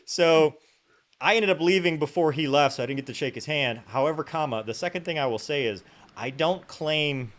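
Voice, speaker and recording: A man hosting a podcast, telling an anecdote in casual chat, animated and full of asides. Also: fairly high pitch, normal speed. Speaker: podcast host.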